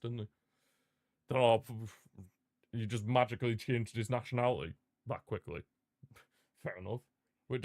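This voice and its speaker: A man's voice: medium pitch, no echo, studio quality. A young man, chatting casually and reacting aloud while he watches a football match live.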